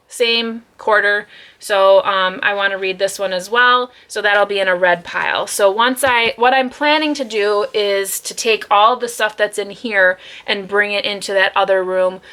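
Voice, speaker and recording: A woman's voice: medium pitch, bright, forceful tone, clean tone. A woman vlogging about her books at home, chatting casually and rambling with lots of fillers. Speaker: book vlogger. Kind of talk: casual chat. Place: room at home.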